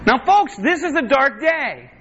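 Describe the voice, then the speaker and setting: High, bright-voiced preaching man. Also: expressive, a little slow, muffled recording, a little hiss or hum. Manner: impassioned, emphatic preaching with rhetorical questions. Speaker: pastor. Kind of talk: sermon.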